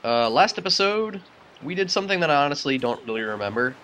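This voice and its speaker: A man hosting a video game let's play, with rambling, excitable commentary and frequent laughter. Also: fairly high pitch, quick pace, low-quality recording. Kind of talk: casual gameplay commentary.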